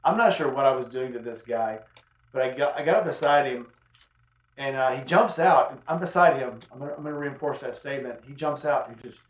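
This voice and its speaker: A man hosting a casual chat among friends, telling animated stories, acting out the people in them and swearing freely. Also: mid-range voice, a little fast. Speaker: host. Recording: echoey room, dull lo-fi sound.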